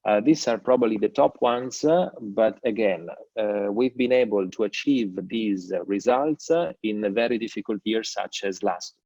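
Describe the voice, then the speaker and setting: Italian-accented man, low voice, presenting over a muffled call, halting delivery. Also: warm tone, no echo. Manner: halting, many fillers. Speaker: university representative. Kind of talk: webinar presentation. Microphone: video call. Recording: muffled video call audio, dry.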